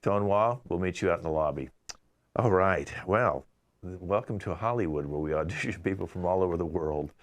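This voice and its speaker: A man hosting a live online improv show, running the games with brisk, playful banter over a video call. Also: low voice.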